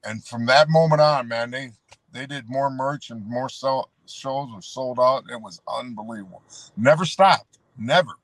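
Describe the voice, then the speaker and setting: Ask: a rambling wrestler telling road stories. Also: male voice, medium pitch, normal speed, no room sound. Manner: rambling, says "brother" and "you know". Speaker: guest, former pro wrestler. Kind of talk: casual storytelling.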